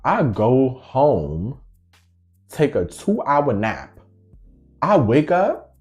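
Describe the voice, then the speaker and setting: A man casually telling a story to his viewers in a slangy, animated way, acting out each side of the conversation. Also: mid-range voice, very slow, faint music behind.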